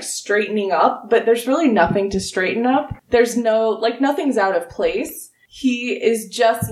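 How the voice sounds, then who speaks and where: A woman's voice: medium pitch, far from the mic. Casual woman game master in a roomy space. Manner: casual, full of "like" and restarts. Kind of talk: narrating a tabletop game. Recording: roomy, a bit off-mic.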